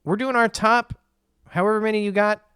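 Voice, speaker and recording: A man leads a podcast segment in a relaxed, easygoing chat. His voice sits a bit higher than most men's. The sound is close and dry. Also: smooth, dry recording. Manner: relaxed, agreeable, quick to laugh. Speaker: podcast co-host. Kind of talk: casual chat.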